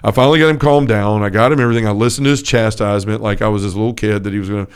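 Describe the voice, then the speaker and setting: A man's voice: fairly low pitch, very fast, clear, resonant tone. A man co-hosting a casual faith podcast, telling stories earnestly with lots of fillers. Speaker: podcast co-host.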